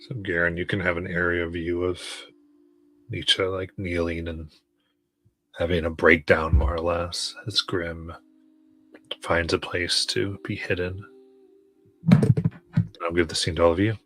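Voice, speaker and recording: Low-voiced man narrating as game master. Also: level tone, a bit bright. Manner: measured, descriptive scene-setting.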